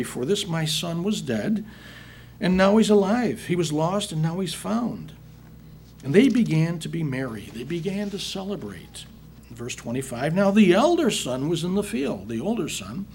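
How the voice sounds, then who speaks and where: A man's voice: high-pitched, creaky, darkish tone, slight background noise. A man teaching a Bible passage, reading verses aloud and then explaining them in plain words with emphatic rhetorical questions. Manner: reads scripture then paraphrases it plainly. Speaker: preacher.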